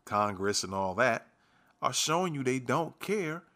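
A man's voice: mid-range voice, big pitch swings, measured pace, bright, forceful tone. A man hosting a podcast, giving solo political commentary in a loose delivery full of ums and uhs. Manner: loose, filler-heavy delivery. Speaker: podcast host.

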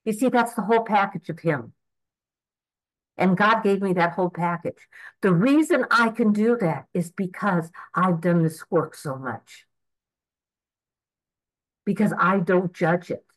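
A woman's voice: fairly low pitch, measured pace, long pauses, rough recording. A woman of eighty giving an earnest, rambling personal testimony at a recovery meeting, with frequent restarts and fillers. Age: 80s.

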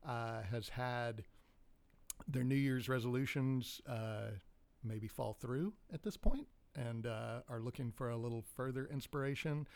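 A man's voice: medium pitch, a little slow, gravelly, a little mellow. Guy co-hosting a podcast, jokey and rambly, laughs a lot, mid voice. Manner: joking, rambling, laughs often. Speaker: podcast co-host. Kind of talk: casual podcast chat.

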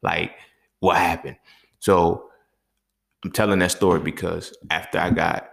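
A man hosting a podcast, telling stories in a casual monologue with profane, streetwise, animated talk. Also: low-pitched, moderate pace, gravelly, pauses often. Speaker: podcast host.

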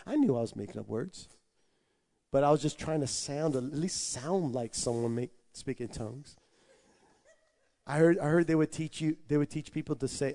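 A man preaching a personal testimony, telling it animatedly with stammered restarts and swinging from hushed asides to loud excited shouts. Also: on the high side, normal speed. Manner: animated storytelling with stammered restarts and made-up tongue syllables. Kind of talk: testimony sermon.

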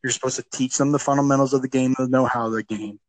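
A man talks casually about coaching, emphatic and quick to repeat himself when fired up. His voice sits at an ordinary pitch. The sound is dry and close, with no room around it. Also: fairly even intonation, no room sound, poor audio. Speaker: youth football coach, podcast co-host. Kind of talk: casual podcast chat.

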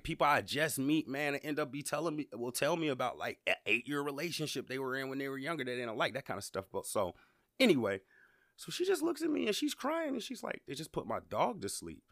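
Lively-voiced man telling a story. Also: mid-range voice, no echo, studio quality. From Georgia, USA. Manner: conversational, repeats words, addresses listeners directly. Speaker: podcast host. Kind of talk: casual storytelling monologue.

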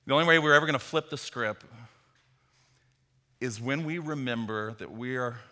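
A man preaching a sermon, telling a parable with animated storytelling and bits of acted dialogue. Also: medium pitch, normal speed. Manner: animated storytelling, acts out Peter's voice. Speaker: pastor. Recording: long hall reverb.

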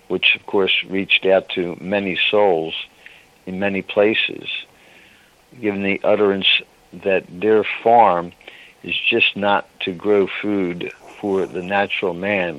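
Male radio ministry host, low voice, slow and emotional, muffled lo-fi radio sound. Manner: slow, tender and pleading, emotional. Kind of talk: devotional radio talk. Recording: dull lo-fi radio broadcast.

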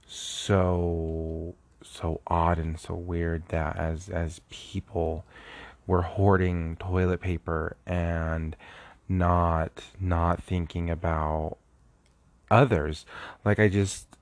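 A young man with a low voice muses on his podcast in an unhurried, rambling way, circling back to restart his thoughts. He sounds earnest and reflective, like someone who hasn't slept. The recording is close and dry. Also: little pitch movement, dry recording. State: sleepless, recording early in the morning. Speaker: podcast host. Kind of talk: casual solo podcast monologue.

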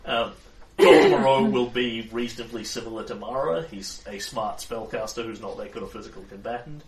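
A man runs a tabletop session as game master, his voice picked up from some distance in a roomy space. He walks the players through characters and rules with a relaxed, laughing manner. A faint hum sits behind him. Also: medium pitch, fairly quick. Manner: explains character sheets at length, laughs often.

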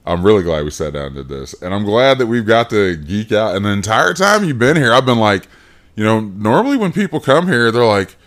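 A man's voice: on the low side, big pitch swings, fairly quick, a bit bright. A man hosting a podcast, chatting casually with an old friend, swearing freely and acting out quoted lines with lots of laughter. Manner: profane, laughing, acts out quotes. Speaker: podcast host. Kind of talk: casual chat.

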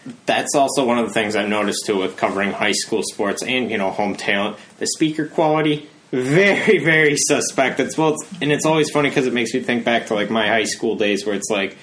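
A man's voice: mid-range voice, brisk, fairly bright tone. A young man hosting a podcast, chatting casually, rambling with lots of fillers and acting out quotes. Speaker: podcast host. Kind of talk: casual chat.

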